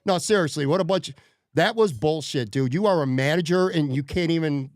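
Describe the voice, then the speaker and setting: A podcast host tells a story in a worked-up, profane rant. His voice is fairly high and fairly quick, recorded at studio quality with no room sound.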